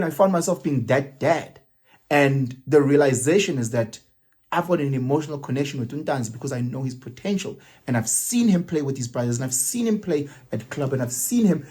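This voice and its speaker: Man, 30s, husky mid-pitched voice, reflective vlog monologue with isiZulu slipped in. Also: expressive, a little fast, darkish tone. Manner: musing, mixes isiZulu words into English, hesitant restarts. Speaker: vlogger.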